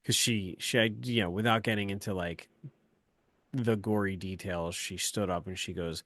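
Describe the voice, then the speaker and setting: A man's voice: sits low, steady tone, moderate pace, a bit bright, no echo. A middle-aged man, a podcast co-host, telling a heated story full of profanity in casual chat.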